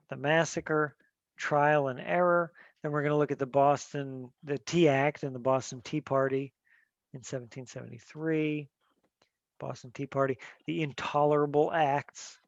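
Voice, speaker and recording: A man's voice: fairly high pitch, measured pace, creaky, dry recording, dull audio. Teacher man giving a loose lecture. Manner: conversational, many fillers and restarts, asks students questions. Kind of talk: classroom lecture.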